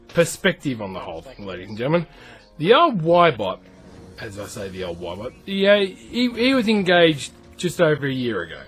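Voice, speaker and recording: A man's voice: fairly high pitch, a bit bright. Chatty Australian man over game music. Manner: chatty, rambling, self-deprecating. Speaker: gaming YouTuber. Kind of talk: casual storytelling over gameplay.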